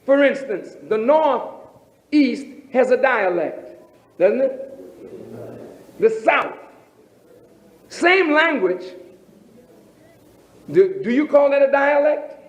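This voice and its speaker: High-voiced, slow-preaching minister. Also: male voice, expressive. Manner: emphatic, rhetorical questions, drawn-out phrasing. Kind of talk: sermon. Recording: roomy, dull lo-fi recording.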